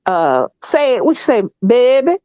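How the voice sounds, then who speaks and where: Woman, Southern US accent, casual chat, blunt, opinionated, fairly high voice, dry dull sound. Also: expressive, no echo. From American South. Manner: blunt, opinionated, drawn-out emphasis. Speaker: co-host.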